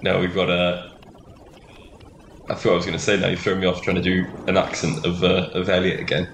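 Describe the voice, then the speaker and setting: Low, gravelly man. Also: monotone, fairly quick, a bit bright. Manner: laughs often, rambling. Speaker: podcast co-host. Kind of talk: casual comedic banter. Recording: echoey room with background noise.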